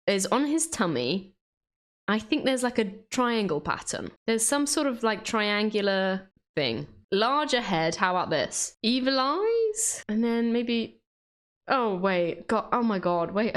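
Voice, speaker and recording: A woman chatting casually while she draws, joking at her own efforts and laughing often. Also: mid-range voice. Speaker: art vlogger. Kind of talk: casual drawing commentary.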